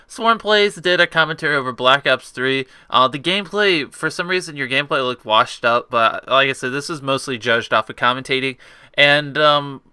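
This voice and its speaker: A man's voice: mid-range voice, moderate pace, sharp tone, clean tone, dry recording. A young man judging entries in an online video contest, talking casually with frequent ums and restarts. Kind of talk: casual unscripted judging commentary.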